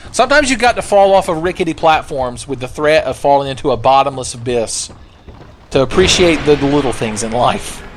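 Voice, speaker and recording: A young man chats over his gameplay in a loose, sarcastic way, full of jokes and asides. His voice sits at an ordinary middle pitch, and there is a faint hiss under it. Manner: joking, sarcastic, breaks into silly singing. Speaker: gaming video host. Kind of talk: casual let's play commentary.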